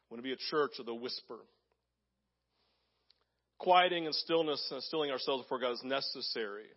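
A man preaching a sermon as pastor, animated, acting out voices, sometimes dropping to a hushed tone. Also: mid-range voice, normal speed, highs cut off. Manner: animated, acts out voices in quotes; drops to soft, hushed tones for emphasis.

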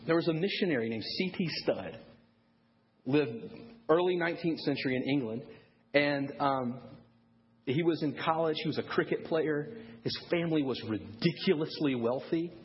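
A man preaching a sermon to parents, telling a story in a lively way and acting out the people he quotes. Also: fairly high pitch, moderate pace, lo-fi sound. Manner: animated storyteller, acts out quoted voices. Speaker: pastor.

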